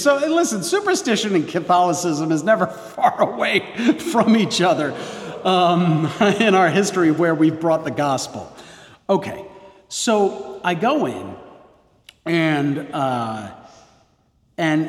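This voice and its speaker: A Catholic priest, a man, telling a story casually, rambling with frequent restarts and self-corrections. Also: fairly high pitch. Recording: roomy hall reverb.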